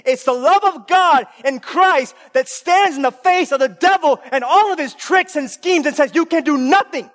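A woman preaching an impassioned sermon, trading shouted refrains with hushed asides and firing rapid questions at the congregation. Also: high voice. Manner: call-and-response questions. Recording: long hall reverb.

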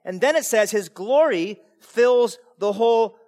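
Male pastor, high-pitched, animated sermon delivery, repeats words on restarts. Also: unhurried. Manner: animated preaching, swinging between quiet and emphatic.

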